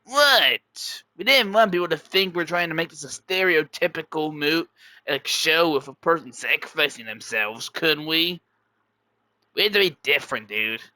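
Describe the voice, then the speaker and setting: A man's voice: on the high side, moderate pace, sharp tone, no room sound. A man voicing a callous, sarcastic male contestant with a mocking delivery. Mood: defensive.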